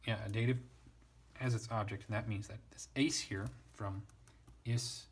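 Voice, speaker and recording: Man, low husky voice, relaxed Latin tutor who muses aloud and pokes fun at himself. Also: normal speed. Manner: wry, self-deprecating, works through ideas aloud. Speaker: Latin teacher. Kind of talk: casual spoken lesson, thinking aloud.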